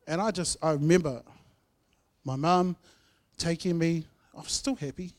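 A man sharing his personal testimony in church, telling his story earnestly, with swings between loud and soft. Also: a little high, moderate pace. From New Zealand. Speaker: guest speaker sharing testimony.

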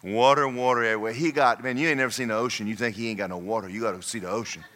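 A man's voice: mid-range voice, fairly even intonation, rapid-fire, a bit bright. A man preaching a sermon as pastor, folksy and repetitive, speaking in bursts.

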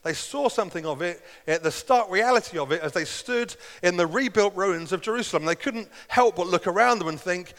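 A man's voice: high voice, expressive, fairly quick, few pauses, fairly bright tone. A middle-aged man preaches in an earnest, conversational way. He slips into the voices of the people he quotes. His words ring out with a long hall reverb. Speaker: pastor. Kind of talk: sermon.

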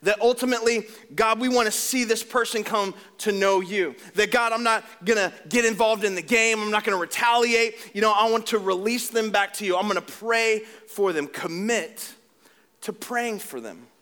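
A middle-aged man preaching a sermon as pastor, animated and conversational, with humor and repetition. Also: sits high, moderate pace.

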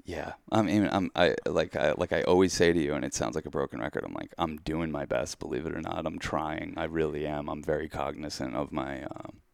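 Very deep gravelly man, casual chat. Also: fairly quick, few pauses, no room sound, clean studio sound. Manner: candid, rambling, self-deprecating. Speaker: podcast co-host.

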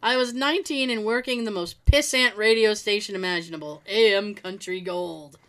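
A woman's voice: medium pitch, normal speed, a bit bright. A woman reading work stories aloud in a casual way, laughing often and adding quips between them. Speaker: storyteller reading listener stories. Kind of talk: casual story reading with asides.

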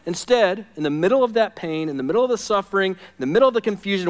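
A male pastor preaching a sermon with a high voice that rings out in a large hall with long reverb. He is emphatic and conversational, going from loud, pressing lines to hushed, close ones. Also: lively intonation, quick pace, few pauses.

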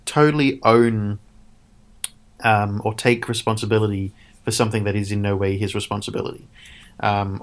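A man's voice: fairly low pitch, fairly bright tone. A man co-hosting a casual chat, ranting sarcastically and swearing. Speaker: podcast co-host.

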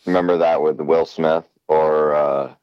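A male co-host with an extremely deep voice tells stories in a slow, reflective way. His mic sounds dull and lo-fi, in a dry room. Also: fairly even intonation, clean tone, dry recording. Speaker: podcast co-host. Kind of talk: casual podcast chat.

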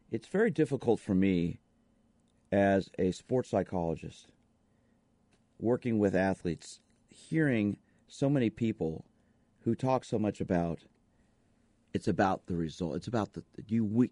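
A man hosts a radio show as a sports psychologist, delivering an emphatic talk monologue filled with repeated rhetorical questions. His voice is lowish with a dark tone, and the recording is dry.

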